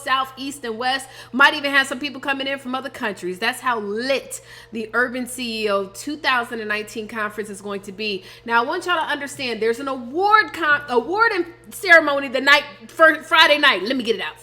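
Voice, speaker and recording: Woman, emphatic hype, addresses the crowd, bright tense tone. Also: on the high side. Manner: hyped, emphatic, addresses audience as y'all. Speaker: host and conference organizer. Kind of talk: energetic promotional pitch to viewers.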